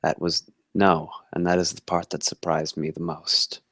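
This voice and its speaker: Brief: man voicing a courtly male vampire for a tabletop game, very low voice, dry close sound. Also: flat delivery, fairly bright tone, dry recording. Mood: measured. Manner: formal, courteous, unhurried storytelling. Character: homeless male vampire, polite and measured. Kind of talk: tabletop role-play in character.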